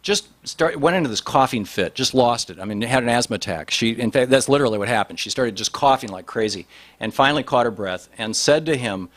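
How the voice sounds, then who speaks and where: A man telling a long anecdote in a rambling, animated way, with many restarts and fillers. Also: mid-range voice, fairly quick. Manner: rambling, animated, voice rises sharply in quoted lines. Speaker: speaker telling a story. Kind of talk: anecdotal storytelling talk.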